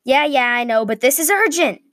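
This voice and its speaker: A woman's voice: high voice, moderate pace, no room sound, clean studio sound, voice pushed up, natural voice. A woman voicing a restless, greedy young male castle guard in a read-aloud medieval story, calling out with urgency. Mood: urgent. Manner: raised, urgent calls.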